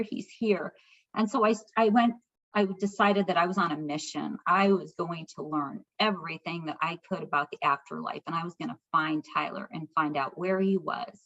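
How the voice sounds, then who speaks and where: A middle-aged American woman, a guest speaker, telling a personal story with heartfelt, animated retelling and acted-out dialogue. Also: lowish voice. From United States. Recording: slightly dull lo-fi recording.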